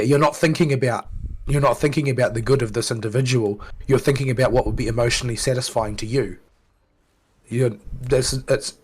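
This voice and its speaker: A man's voice: medium pitch, slightly rough, poor audio. Analytical man co-hosting a gaming podcast. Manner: earnest, analytical, restarts phrases. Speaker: co-host. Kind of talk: casual gaming podcast chat.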